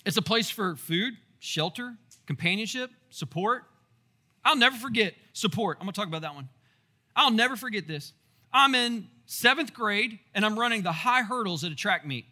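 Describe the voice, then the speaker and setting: A pastor with a drawl delivers a lively sermon, telling stories and tossing questions to the congregation. His voice sits high for a man and rings very bright and forceful. He keeps it animated with asides. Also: moderate pace. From Texas.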